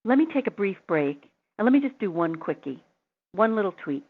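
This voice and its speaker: A woman's voice: medium pitch, sing-song, a little fast, slightly rough. Woman host on a tinny phone line. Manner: chatty, tells personal anecdotes. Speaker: radio show host. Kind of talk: advice talk show interview.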